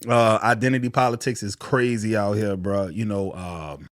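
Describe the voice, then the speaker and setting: A man's voice: lowish voice, steady tone, normal speed, dry recording, clean studio sound. A man hosting a reaction video, talking casually in slang with joking asides.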